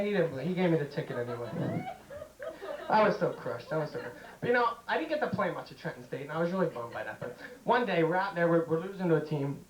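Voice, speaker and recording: A man's voice: on the high side, animated, quick pace, roomy sound, a crowd in the background, low-quality recording. A man doing a stand-up comedy routine, telling jokey stories and acting out bits in raised voices. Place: comedy stage.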